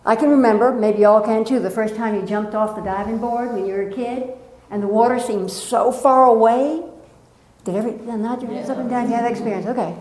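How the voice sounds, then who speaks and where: In an echoey meeting room, a spiritual teacher with a slightly high voice gives an inspirational talk to a live audience. She recites a poem slowly, then animatedly tells personal stories and playfully urges the room to join in.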